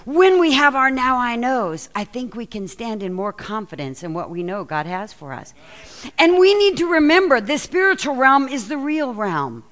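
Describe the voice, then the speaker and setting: A woman pastor preaching a sermon and reading scripture aloud, telling the story with lively, acted-out quotes. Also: a little high, moderate pace. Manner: animated storytelling, acts out quoted lines.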